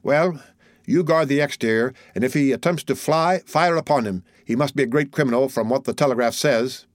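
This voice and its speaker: A brisk, commanding police sergeant, voiced by a male narrator, barks out orders in an audiobook. The sound is dry and close, with no room echo. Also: mid-range voice, close to an everyday voice. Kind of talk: audiobook character voice.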